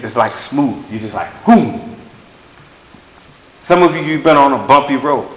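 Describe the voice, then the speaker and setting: In an echoey room, a man delivers a sermon with prophetic words, emphatic yet conversational, repeating phrases to hammer his points home. His voice is a little high and a bit bright.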